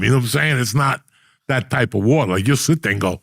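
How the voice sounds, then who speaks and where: A man's voice: medium pitch, very fast, gravelly, no echo, clean studio sound. A middle-aged man hosting a casual talk show, telling rambling, profane stories. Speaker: podcast host. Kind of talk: casual storytelling chat.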